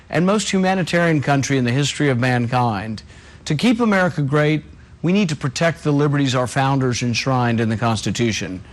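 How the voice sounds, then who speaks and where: Earnest man with a fairly high voice. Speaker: presidential candidate. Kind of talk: scripted campaign greeting.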